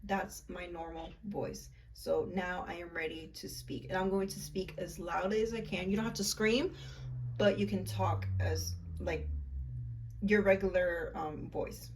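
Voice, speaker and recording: A woman's voice: on the low side, fairly even intonation, a little slow, darkish tone. A woman vlogger casually explaining a ritual in a chatty, rambling way with lots of fillers. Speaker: spiritual vlogger. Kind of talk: casual instructional chat. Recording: voice a bit far from mic, faint room noise.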